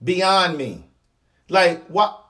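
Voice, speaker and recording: A man's voice: high voice, animated, drawn-out words, fairly bright tone, recorded from a distance. A man in his thirties with a Baltimore accent, giving a blunt, slangy commentary monologue, repeating points for emphasis. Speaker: vlogger.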